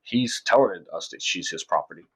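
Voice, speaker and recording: A man's voice: deep voice, moderate pace, husky. A man casually telling a story from his own past, rambling with frequent restarts and acting out what people said.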